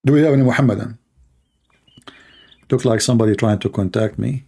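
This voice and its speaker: A man hosting a call-in livestream, talking casually, mocking and laughing at callers and repeating words in quick bursts. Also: on the low side, creaky, dark tone, breathy edge. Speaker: livestream host taking calls.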